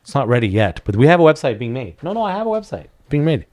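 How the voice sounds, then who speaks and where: A man's voice: mid-range voice, very animated, fast, darkish tone. A man hosting a casual podcast chat, talking candidly and rambling, often breaking off and restarting his sentences. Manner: rambling, candid, self-interrupting. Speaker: podcast host.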